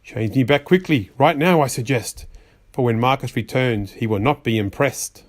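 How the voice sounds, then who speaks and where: A man's voice: mid-range voice, moderate pace, voice pushed down, natural voice. A man voicing a fussy magician's white rabbit that scolds a child in rhyme, exasperated and sing-song. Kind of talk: rhyming storybook reading.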